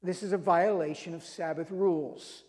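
Guy preaching, tells the bible stories with a high-ish voice, long church reverb. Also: fairly even intonation, normal speed, a little mellow. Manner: storytelling, reads scripture aloud with emphasis. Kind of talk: sermon.

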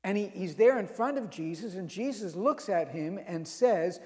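A man's voice: sits high, expressive, moderate pace, warm tone, long reverb tail. A man preaching a sermon, retelling scripture stories with emphasis and reading verses aloud.

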